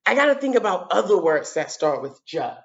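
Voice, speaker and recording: Animated woman teaching young children. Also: mid-range voice, lo-fi sound. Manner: animated, sounds out letters, repeats words slowly for children. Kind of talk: children's lesson on video.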